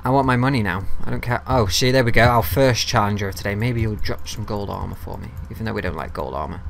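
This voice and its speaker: A man's voice: lowish voice, quick pace, gravelly, slight background noise. A young man giving casual commentary while playing a game, chatting to viewers and the creatures on screen and swearing freely. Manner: gets loud and excited when ambushed. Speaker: gaming video host. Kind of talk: casual let's-play commentary.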